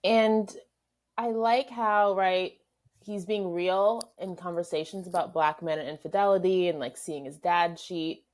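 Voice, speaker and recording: A woman's voice: fairly low pitch, steady tone, measured pace, darkish tone. A woman co-hosting a podcast, giving frank, opinionated takes in casual TV review chat. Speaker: podcast co-host.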